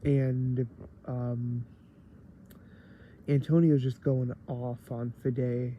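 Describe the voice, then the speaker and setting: A man's voice: medium pitch, flat delivery, extremely slow, narrow, tinny audio, a little hiss or hum. A man giving a rambling casual review of a TV episode, tired late at night and full of fillers.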